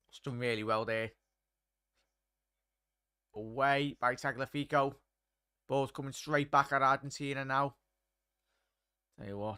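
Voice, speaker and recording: Bright, crisp-voiced Scouse lad hosting. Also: male voice, mid-range voice, dry recording, clean studio sound. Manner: chatty, laddish, reads chat aloud. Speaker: watchalong host. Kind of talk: live match commentary and chat.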